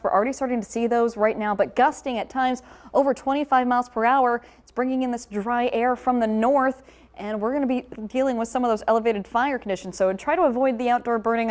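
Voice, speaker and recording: Bright-voiced young woman weather anchor. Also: a little high. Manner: upbeat, explanatory broadcast delivery. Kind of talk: TV weather forecasting and field reporting.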